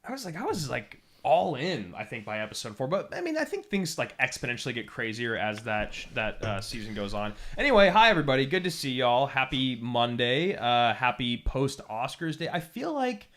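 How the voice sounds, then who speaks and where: A man co-hosting a live podcast in casual chat, animated and laughing often, restarting his sentences. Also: mid-range voice, fairly quick, hardly any pauses. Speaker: podcast co-host.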